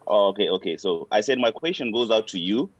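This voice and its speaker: A man's voice: on the low side, lively intonation, brisk, no room sound, highs cut off. A man asking a question over a video call from his car, talking hesitantly and repeating words. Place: parked car. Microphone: video call on phone.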